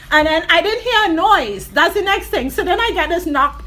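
High-voiced woman from Trinidad, laughing. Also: a little fast, hardly any pauses, a little hiss or hum. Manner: animated storytelling, laughing often. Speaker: podcast co-host. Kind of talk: casual chat.

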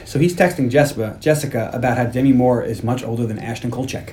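A man's voice: medium pitch, quick pace, dark tone, slight background noise. A man casually recapping a movie on a podcast, joking and swearing freely as he acts out scenes. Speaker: podcast co-host.

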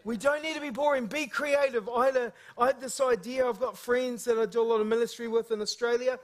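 A man preaches a sermon, telling humorous stories with lively, energetic delivery. His voice sits notably high for a man, and he talks like an animated storyteller in front of a congregation. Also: brisk. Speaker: guest preacher.

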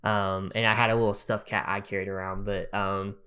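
A man's voice: lowish voice, little pitch movement, a little fast, sharp tone, smooth. A man in his thirties co-hosting a podcast, telling stories in a rambling, chatty way with many fillers and frequent laughs. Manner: laughs often. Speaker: podcast co-host. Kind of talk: casual chat.

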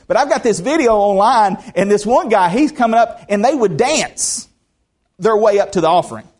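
High-voiced folksy pastor. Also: male voice. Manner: folksy, joking asides, repeats words when starting. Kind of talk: sermon.

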